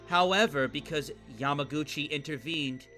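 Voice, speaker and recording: A remorseful young student culprit confesses, apologetic and resigned, as a man reads the part. The voice is bright and a touch high, with faint game music running underneath. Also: moderate pace. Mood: explaining. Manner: reading game dialogue aloud, apologetic.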